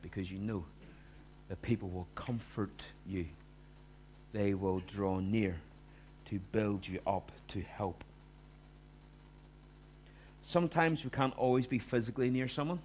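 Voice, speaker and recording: A man's voice: medium pitch, a little hiss or hum. A man preaching a sermon in a conversational way, acting out quoted voices with big swings.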